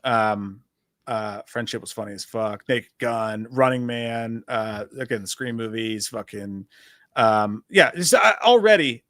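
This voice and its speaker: A man co-hosting a casual livestream discussion, talking in an animated, profane, rambling way as he reads through a list. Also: fairly low pitch, measured pace, no room sound. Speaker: podcast co-host.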